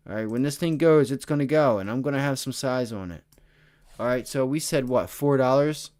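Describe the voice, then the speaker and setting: A tired, excitable man hosting a livestream, talking casually through stock charts and addressing his chat. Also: medium pitch, fairly quick. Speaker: stock trading livestream host. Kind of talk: casual live chart commentary.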